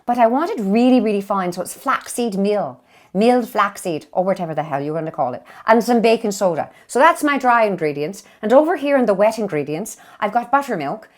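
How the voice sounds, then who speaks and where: A woman's voice: medium pitch, expressive, brisk. A woman hosting a cooking show in a put-on Irish accent, giving a playful, cheeky comic cooking demonstration in a kitchen and swearing for laughs.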